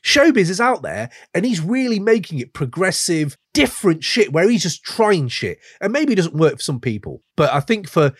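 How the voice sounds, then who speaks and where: A man hosting a casual podcast chat, excitable, sweary and enthusiastic. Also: high voice, moderate pace, hardly any pauses, slightly rough, dry recording, clean studio sound. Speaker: podcast host.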